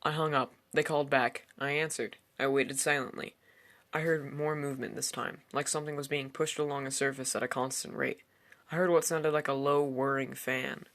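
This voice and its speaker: Man with a gravelly voice narrating horror. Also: medium pitch, level tone, moderate pace, a bit bright. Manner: tense first-person storytelling. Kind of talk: scripted horror story narration.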